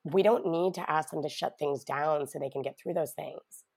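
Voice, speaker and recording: A middle-aged woman clinician, a podcast guest, explaining parenting ideas in a calm, reassuring way. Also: low voice, moderate pace, creaky, husky. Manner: warm, reassuring, explains calmly. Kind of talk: casual podcast conversation.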